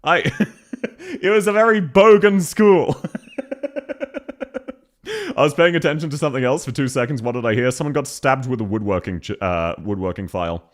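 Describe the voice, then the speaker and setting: Animated young Australian streamer, swearing. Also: male voice, mid-range voice, normal speed, pauses often. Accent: Canberra Australian. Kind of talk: casual live-stream chat.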